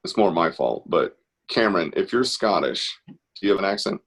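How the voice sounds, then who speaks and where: Low-voiced man leading a live art session over video call, upbeat and encouraging. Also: lively intonation, normal speed, fairly bright tone, slightly rough. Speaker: host of an online art class. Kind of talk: casual live-stream instruction.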